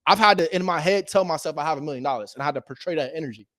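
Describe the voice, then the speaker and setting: A man's voice: fairly high pitch, very fast, fairly bright tone, no room sound, studio quality. A man teaching real estate wholesaling in a casual motivational style, emphatic and repetitive, slangy, often laughing.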